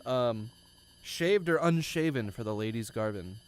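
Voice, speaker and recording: A man's voice: mid-range voice, animated, unhurried. A man chatting casually and crudely while streaming a game, easygoing and hesitant with fillers. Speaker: streamer co-host.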